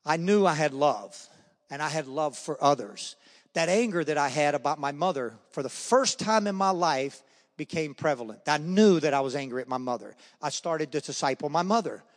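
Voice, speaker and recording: Guy sharing his testimony at a men's breakfast, kinda high voice, lots of echo from the hall. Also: normal speed. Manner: animated storytelling, acts out the voices in his stories. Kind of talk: spoken faith testimony. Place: church hall or meeting room. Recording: long hall reverb.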